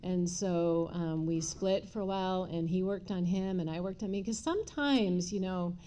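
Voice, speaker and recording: A middle-aged woman candidly telling her own recovery story, with many pauses and fillers. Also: on the low side, mellow, slight background noise. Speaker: speaker sharing recovery story. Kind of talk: personal testimony talk.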